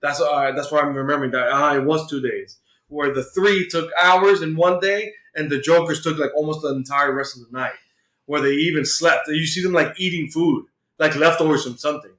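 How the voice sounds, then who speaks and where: A man's voice: a little high, fairly quick, a bit bright, echoey room, poor audio. A man co-hosting a podcast, retelling a comic book story in casual chat full of "like" and "uh". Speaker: podcast co-host.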